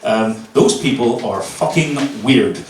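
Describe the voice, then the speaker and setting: A man from Northern Ireland, in his thirties, works through a stand-up comedy set full of swearing and lively storytelling. His mid-range voice moves at a slow pace, and the recording comes from a distant mic in an echoey room with slight background noise.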